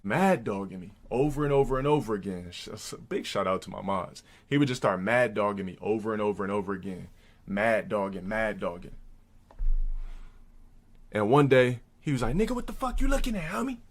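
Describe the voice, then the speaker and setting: A man on a live stream tells a crude story at a moderate pace in a loud, profane voice. He jumps into high, mocking voices whenever he quotes people.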